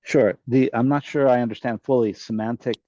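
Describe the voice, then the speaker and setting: A man in the audience asks a question over muffled, dull call audio, his voice low and mellow. He halts and searches for words as he explains what he means. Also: fairly even intonation, a little fast, no room sound. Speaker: audience member. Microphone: video call.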